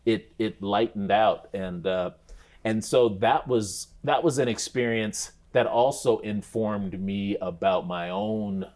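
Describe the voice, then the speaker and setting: Low-voiced man telling stories reflectively. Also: slow. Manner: thoughtful, many restarts, speeds up when animated. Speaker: interview guest, former basketball player. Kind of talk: reflective conversational storytelling.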